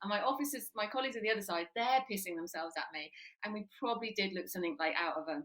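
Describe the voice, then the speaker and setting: A woman in her forties, a psychotherapist and former police officer, tells animated stories in a conversational podcast interview, with frequent ums and plenty of laughing. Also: medium pitch, racing, low-quality recording.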